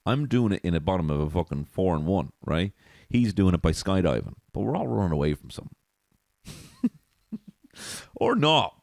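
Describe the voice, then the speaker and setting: A man's voice: sits low, a little mellow, dry recording, clean studio sound. A man hosting a comedy podcast alone, rambling, swearing and laughing at his own jokes from a small alcove. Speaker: podcast host. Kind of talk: solo comedy podcast monologue.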